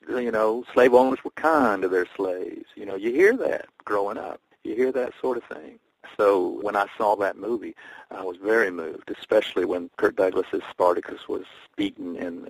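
A man from the American South, a guest on a talk show, telling rambling, animated personal stories. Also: low-pitched, creaky, breathy edge, no echo, rough recording. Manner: rambling, animated storytelling with laughs. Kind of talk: storytelling in conversation.

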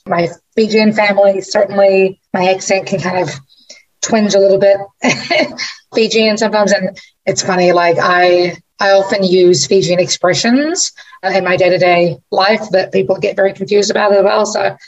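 A woman's voice: mid-range voice, steady tone, normal speed, highs cut off. A woman from New Zealand with a Kiwi accent tinged with American, a musician guest telling stories in a radio interview with frequent restarts. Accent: New Zealand with slight American twang. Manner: warm conversational storytelling with frequent restarts.

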